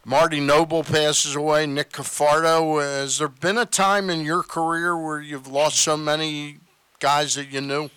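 A man hosts a sports radio show in an easy, chatty way. His voice is bright, clear and lively in pitch, recorded dry and close in the studio. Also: a little slow, no room sound. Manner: conversational, laughs along. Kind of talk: radio interview.

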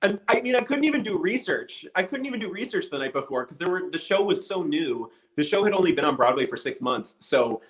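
Animated man telling a backstage story. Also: high-pitched, brisk, hardly any pauses, rough recording. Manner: animated storyteller acting out quotes. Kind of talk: casual storytelling.

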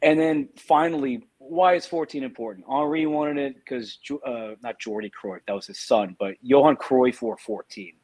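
A man's voice: mid-range voice, normal speed, hardly any pauses, a little mellow, slightly rough. A man co-hosting a casual football podcast, making dry, sardonic asides. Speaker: podcast co-host.

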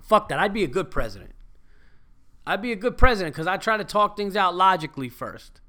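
A man's voice: high-pitched, very animated, a little fast, bright, forceful tone. A man hosting his own podcast, talking alone in a loose, profane, rambling and jokey way. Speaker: podcast host. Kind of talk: casual solo podcast monologue.

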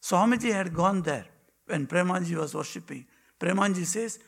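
Gravelly man telling devotional stories. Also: sits high. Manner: dramatic pauses, drops to a hushed whisper. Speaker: monk giving a spiritual talk. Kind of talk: devotional storytelling.

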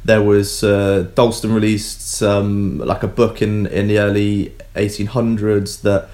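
This man's voice sits on the low side and he takes his time. Co-hosting a laid-back science podcast, he jokes around and explains things loosely, often restarting and saying um.

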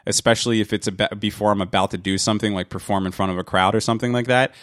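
Host, male, lowish voice, dry close sound, casual curious interviewer. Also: steady tone, very fast, fairly bright tone, dry recording. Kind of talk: casual conversation.

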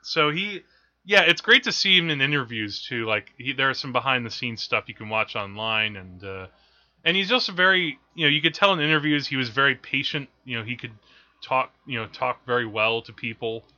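Chatty man with a bright, lively voice. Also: mid-range voice, fairly quick, highs cut off. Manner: rambling, self-correcting, laughs at his own stories. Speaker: film podcast co-host. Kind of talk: casual chat about films.

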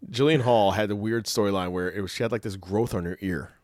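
A man co-hosting a podcast in casual chat, rambling and animated, laughing often and full of fillers. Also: fairly low pitch, fast talker, no room sound, clean studio sound. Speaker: podcast co-host.

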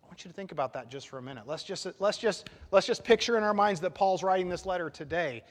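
A man preaching a sermon to his church, emphatic and animated, swelling loud at his peaks and dropping quiet after. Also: high-pitched, quick pace, in a large hall. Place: church sanctuary.

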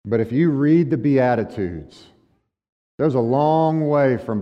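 A man's voice: mid-range voice, slow pace. Man preaching in a big reverberant hall. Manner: conversational preaching with rhetorical questions to the congregation. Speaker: pastor. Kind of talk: sermon. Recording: dull lo-fi sound with long hall reverb.

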